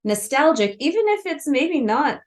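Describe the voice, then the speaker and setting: A woman's voice: high voice, big pitch swings, moderate pace. A woman from the Missouri Ozarks co-hosting a podcast, chatting casually about a book in a rambling way with many fillers. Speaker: podcast co-host.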